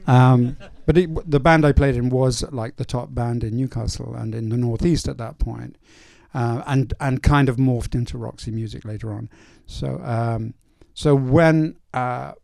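An older male film director in a casual stage Q&A, telling anecdotes in a relaxed way with many fillers. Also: mid-range voice, a little slow, gravelly, few pauses, dry recording. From North East England. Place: cinema auditorium.

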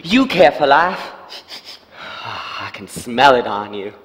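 A sly, unhinged madman, played by a man on stage drags his words slowly, then leaps into shrieking pleas. His bright, tense voice swoops wildly up and down. A long theatre reverb hangs on every line. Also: medium pitch, very animated, slight background noise. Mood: menacing. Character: unhinged male asylum patient, sly and volatile. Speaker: stage actor. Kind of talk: live stage acting.

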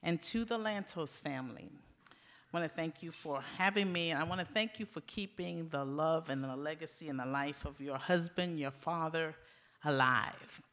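A man giving a formal gala speech with warm greetings and a rhythmic, preacher-like cadence. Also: fairly high pitch, normal speed. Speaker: ambassador and gala speaker. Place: hotel ballroom.

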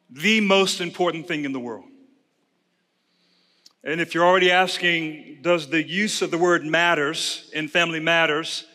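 A pastor preaching a conference sermon, emphatic and repetitive, calling on the audience to repeat words back. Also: male voice, a little high, sharp tone. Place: large conference hall. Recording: long reverb of a large hall.

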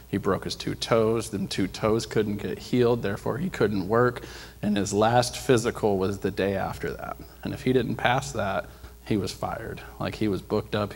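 A man giving a sermon testimony at church, telling his story with excitement and acting out the dialogue. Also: fairly low pitch. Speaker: guest speaker sharing a testimony. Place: church sanctuary. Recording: long church hall reverb.

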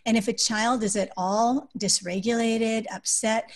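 A woman being interviewed on a podcast, explaining parenting ideas through practical examples. When she quotes phrases she would say to a child, her voice drops to a soft, calm tone. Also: on the high side, unhurried. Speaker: guest, adoptive parent and author.

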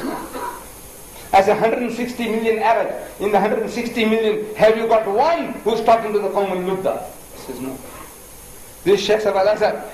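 Older male lecturer from India, fast and animated, fond of asking the crowd questions; roomy hall sound. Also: high voice, a little hiss or hum. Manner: animated storytelling with pointed questions to the audience. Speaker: preacher. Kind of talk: public lecture.

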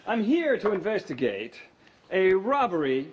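An actor playing a pompous, bumbling police detective in a sitcom for English learners, speaking slowly and theatrically. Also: male voice, sits high, big pitch swings, highs cut off, very noisy. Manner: slow, theatrical, self-important.

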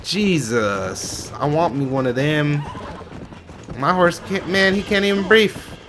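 A man's voice: on the high side, slow, noisy background. A man doing gameplay commentary, swearing and exclaiming at the game out of frustration. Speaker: gamer.

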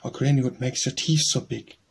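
An innocent little girl answers brightly and without fear, read aloud by a man in his own voice. The tone is gravelly and very husky, at an ordinary pitch, in a storybook poem for children. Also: steady tone, brisk. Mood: timid.

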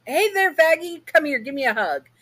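A woman's voice: medium pitch, very animated, moderate pace, a bit bright, poor audio. A woman voicing a blunt, protective queen mother in a storytelling video.

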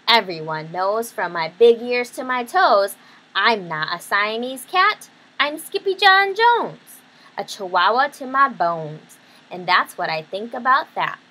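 A woman's voice: fairly high pitch, sing-song, unhurried, pushed and bright, heavily acted, poor audio. A woman doing a boastful little kitten boy. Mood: defiant. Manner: boastful, bouncy, grandiose. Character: mischievous young tomcat kitten who thinks he's a chihuahua.

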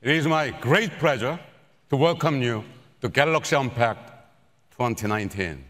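A man presenting at a product launch keynote on a large auditorium stage, in a measured, formal stage delivery. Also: medium pitch, expressive, a bit bright. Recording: echoey auditorium with long reverb.

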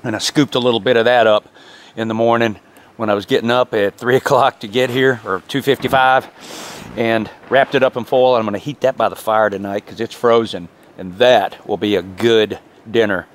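A man's voice: mid-range voice, steady tone, moderate pace. A man chatting cheerfully to the camera while camping in snowy woods. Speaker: outdoor vlogger. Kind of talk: casual narration to camera. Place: snowy woods campsite outdoors.

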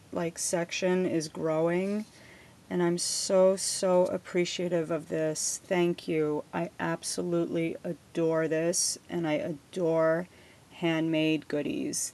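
A middle-aged woman who makes crafting vlogs unboxes a gift package at her home desk, gushing with effusive thanks. Her voice is low and a little mellow, and the noisy home recording picks up rustling paper.

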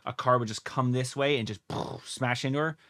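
A young man hosting a reaction video, thinking out loud in excitable, profane casual commentary. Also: medium pitch, moderate pace, dry recording.

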